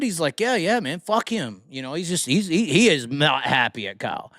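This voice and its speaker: Animated, foul-mouthed male host. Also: a little high, moderate pace, no room sound, clean studio sound. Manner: animated, swears constantly, laughs often. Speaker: podcast host. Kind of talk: profane casual commentary. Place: studio, live stream.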